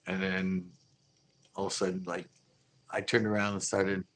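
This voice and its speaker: A fishing channel host casually shares stories from his tournaments, laid-back and often laughing as he acts out other people's lines. He has a deep voice with a level, slightly bright tone at a moderate pace, though the audio is poor.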